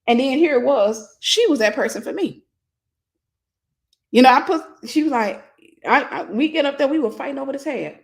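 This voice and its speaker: A woman's voice: high voice, lively intonation, normal speed, creaky. A woman minister in her forties telling a personal story in a casual livestream sermon, greeting viewers by name.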